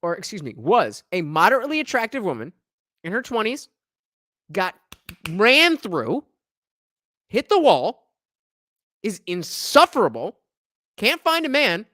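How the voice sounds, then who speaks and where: A man hosts a reaction commentary, sarcastic and profane as he rants between clips. His pitch swings widely from line to line, and the sound is close and dry with no room around it. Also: wildly swooping pitch, a little slow, pauses often, sharp tone, no echo. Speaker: commentary channel host.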